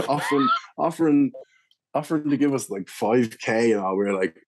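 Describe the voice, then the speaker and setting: A man's voice: medium pitch, fairly quick, darkish tone. A young man with an Irish accent, telling a long anecdote in a casual, rambling interview style with lots of fillers and restarts. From Ireland. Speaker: guest, beer reviewer.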